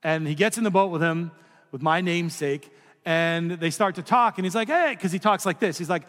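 A man's voice: sits high, brisk, fairly bright tone. A middle-aged man preaching a sermon as pastor, in a conversational, storytelling way with casual asides. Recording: long hall reverb.

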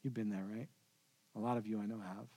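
A man preaching a sermon in a church, telling the story with swings from loud to hushed. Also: on the low side, fairly even intonation, brisk. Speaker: pastor. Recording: long reverb of a large hall.

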